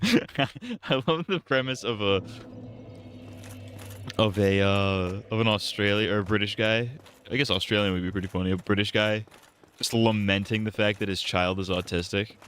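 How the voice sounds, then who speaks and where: Young man, gameplay commentary, joking, bright voice, faint background noise. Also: lowish voice, fairly quick. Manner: joking, reactive, swears freely, laughs at his own bits. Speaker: streamer.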